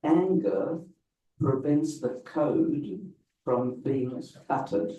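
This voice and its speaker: A man lectures as a rabbi in a live hall, his voice dark and mellow and his pace unhurried. The sound is roomy and a little muffled, with the hall ringing around each phrase. He teaches in a deliberate, emphatic way. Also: a little high, recorded from a distance. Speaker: rabbi giving a talk. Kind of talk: public lecture. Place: event hall with a live audience.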